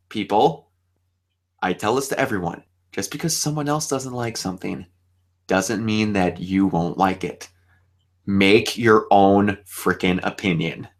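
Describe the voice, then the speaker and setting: A young man hosting a casual fan chat, animated and laughing often, acting out lines as he talks. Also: mid-range voice. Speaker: show host.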